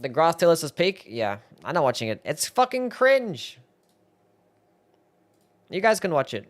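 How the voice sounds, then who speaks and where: A man's voice: on the high side, very animated, fairly quick. A young man streaming live, reacting to his own old videos, laughing, swearing and mocking himself.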